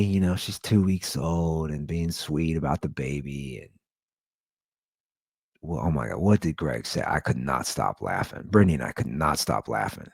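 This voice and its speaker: A man in his forties hosting a show, telling a comedic story in a rambling, animated way, full of "like.". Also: extremely low pitch, creaky, breathy edge, dry recording, clean studio sound. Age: 40s. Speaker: podcast host.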